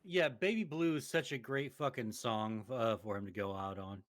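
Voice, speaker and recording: A man's voice: mid-range voice, normal speed. A man co-hosting a casual movie podcast who throws in teasing, jokey asides. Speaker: podcast co-host. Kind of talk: casual banter.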